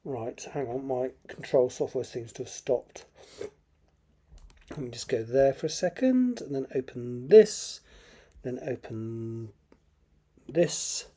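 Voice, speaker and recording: A man's voice: medium pitch, animated, slow, mellow, husky. A tired man, an author, reading his own draft aloud and muttering asides to himself while editing.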